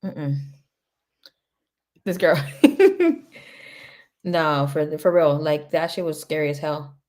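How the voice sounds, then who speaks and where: A woman's voice: sits low, lively intonation, slow, darkish tone. A woman giving a casual livestream tarot reading, talking bluntly and swearing freely as she tells stories. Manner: blunt, profane, chatty storytelling. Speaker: tarot reader.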